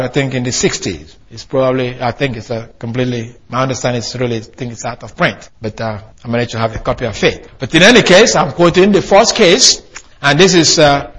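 A man's voice: fairly high pitch, fairly bright tone, husky. A man preaching a sermon, emphatic, with hesitations and restarts as he reads and comments on quotes. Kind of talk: sermon with read-aloud quotes.

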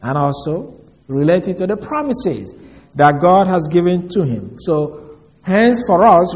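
Male preacher, slightly high voice, animated intonation, deliberate teaching delivery. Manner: slow, deliberate, explains word by word with emphasis. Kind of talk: sermon teaching from scripture.

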